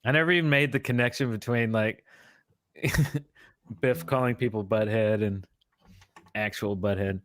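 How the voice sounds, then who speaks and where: A man's voice: fairly low pitch, measured pace, long pauses, a bit bright, no echo, studio quality. A man co-hosting a casual live show, laid-back and laughing often. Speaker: co-host.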